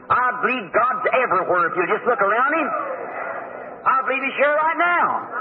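A male preacher with a very high voice delivers a fervent, emotional sermon story. The sound is thin and tinny, like an old recording heard through a phone line. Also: slight background noise.

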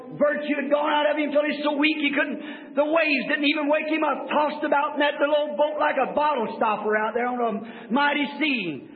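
A male pastor preaching a sermon with fervent, rhythmic repeated refrains, on a tinny old lo-fi tape in an echoey hall. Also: very high voice.

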